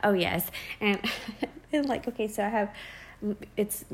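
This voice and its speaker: A woman in her thirties, co-hosting a casual chat and telling childhood stories in an animated way, often laughing and restarting her sentences. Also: medium pitch, measured pace. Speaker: podcast co-host.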